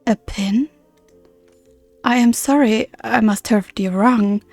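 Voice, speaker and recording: Woman reading reserved formal guardian woman, game dialogue, soft and measured, slightly high, gravelly, dry. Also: no echo, faint music behind, full character voice. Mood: earnest.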